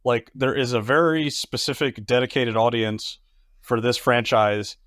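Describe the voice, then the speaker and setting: A man's voice: medium pitch, a little slow, a bit bright, dry recording, clean studio sound. A man chatting casually as a podcast host, thoughtful and analytical. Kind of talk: casual chat.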